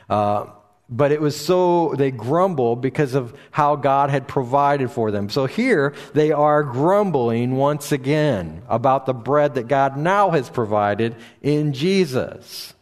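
A man preaching a sermon and reading scripture aloud, often restarting his sentences, and going higher in pitch when he stresses a point. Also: expressive. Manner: halting, with frequent restarts and fillers; rises in pitch for emphasis when paraphrasing. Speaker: pastor. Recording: long hall reverb.

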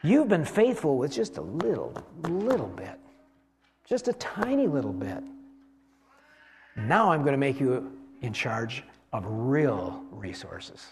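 Approving rich master voiced by a male preacher, warm praise, measured. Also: medium pitch, big pitch swings, soft background music, voice pushed down. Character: wealthy male master praising his servant.

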